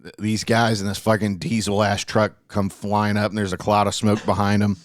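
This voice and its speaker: A man's voice: lowish voice, little pitch movement, normal speed, no echo. A man co-hosting a casual podcast, talking earnestly and rambling, with lots of swearing and trailing fillers. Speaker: podcast co-host. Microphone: studio mic.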